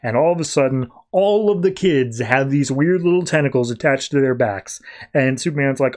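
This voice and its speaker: A man hosting a podcast, casually recapping a comic book story and slipping into quick voiced quotes of the characters. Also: mid-range voice, darkish tone. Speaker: podcast host.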